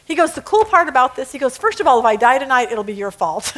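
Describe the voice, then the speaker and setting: A woman's voice: high-pitched, big pitch swings, quick pace, fairly bright tone. A middle-aged woman teaching a women's Bible study, telling stories and acting out quotes, laughing at her own jokes.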